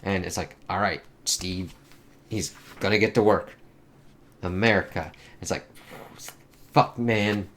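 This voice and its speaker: A man with a lowish voice talks through a comic book in a loose, unscripted way. He swears freely and keeps reaching for fillers as he goes. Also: slow, long pauses, fairly bright tone. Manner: rambling, profane, many fillers. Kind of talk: casual spoken review.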